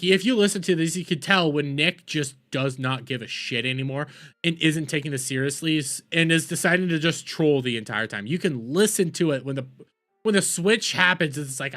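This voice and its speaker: Brief: profane, rambling reaction streamer at mid pitch. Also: a little fast, a bit bright, soft background music. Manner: profane, rambling, scrolls while talking. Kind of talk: casual reaction commentary.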